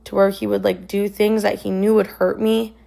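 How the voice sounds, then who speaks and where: A woman's voice: medium pitch, little pitch movement, normal speed, creaky, dark tone. A young woman casually recounting a personal story, rambling with lots of "like" and "um". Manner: rambling, filler-heavy retelling with many "like" and "um".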